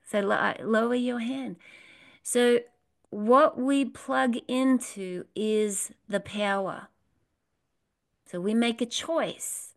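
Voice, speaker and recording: A woman's voice: fairly high pitch, slow pace, gravelly. A woman leading a spiritual workshop, talking earnestly to a live audience, repeating phrases and asking them questions. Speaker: workshop leader.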